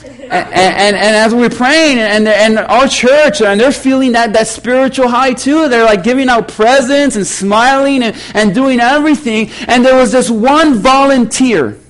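High-voiced, animated preacher man. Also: normal speed, rough recording. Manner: animated, conversational, self-mocking. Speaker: pastor. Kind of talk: storytelling sermon.

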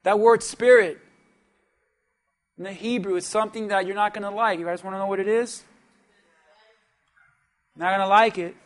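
A man with a strikingly high voice preaches a sermon from the pulpit. He pulls the congregation into call-and-response and swings between hushed asides and shouted peaks. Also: fairly even intonation, moderate pace, pauses often. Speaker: pastor.

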